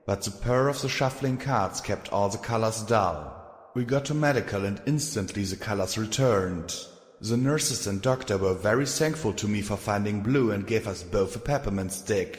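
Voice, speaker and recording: A man narrating a fan fiction audiobook in a steady, measured way. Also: on the low side. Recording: echoey room with long reverb.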